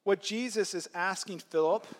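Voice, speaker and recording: A male pastor with a high, light voice delivers a sermon in a loose, conversational way. He acts out quotes as he goes and laughs lightly now and then. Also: normal speed.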